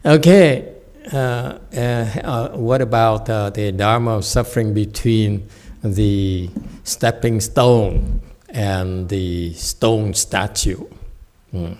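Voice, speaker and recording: A man leads a question-and-answer session as a meditation teacher. His voice is mellow and dark in tone, and he talks in a playful, teasing way, acting out little voices as he goes. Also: fairly low pitch, slow pace. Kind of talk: teaching talk with Q&A.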